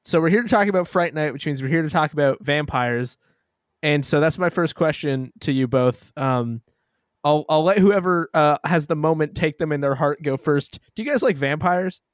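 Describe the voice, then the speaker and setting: Male podcast host, slightly high voice, dry close mic, loose jokey delivery. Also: normal speed, dry recording. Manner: joking, rambling with many fillers. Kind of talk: casual podcast chat.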